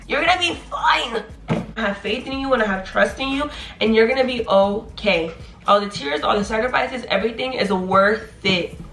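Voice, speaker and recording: A young woman in her twenties talks in a lively, playful way, full of warm encouragement. Her voice bounces off the walls of an echoey room. Faint music plays underneath. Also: fairly high pitch. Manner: animated, chatty, playful, encouraging. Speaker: nursing graduate vlogger. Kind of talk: casual advice vlog.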